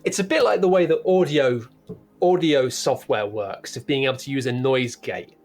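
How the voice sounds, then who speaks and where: A man's voice: mid-range voice, normal speed, a little mellow. A man running a tabletop role-playing game as game master, narrating in a playful, rambling way with sound-effect noises.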